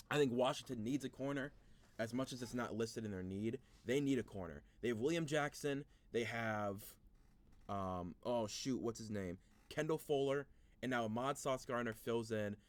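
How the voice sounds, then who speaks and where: Man, casual mock draft commentary, rambling, frustrated, thinks aloud with restarts. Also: medium pitch. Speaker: sports video host.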